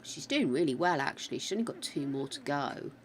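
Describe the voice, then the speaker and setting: A woman's voice: low-pitched, expressive, fairly quick, slight background noise. An older woman with a slightly wobbly voice, chatting with her viewers and thinking aloud while she plays a game on a live stream. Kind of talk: casual live-stream chat while playing.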